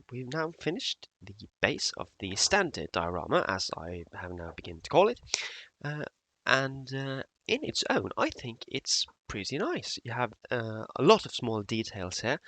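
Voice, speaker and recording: Man, hobby tutorial vlog, lively pitch, bright, dry close sound. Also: no echo. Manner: hesitant with many fillers. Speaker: hobby model builder.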